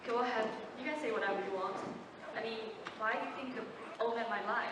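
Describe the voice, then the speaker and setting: A woman's voice: on the high side, a little fast, recorded from a distance, natural voice. Brief: young woman as a level-headed juror asking why, echoey hall with noise. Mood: calm. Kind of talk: stage play performance.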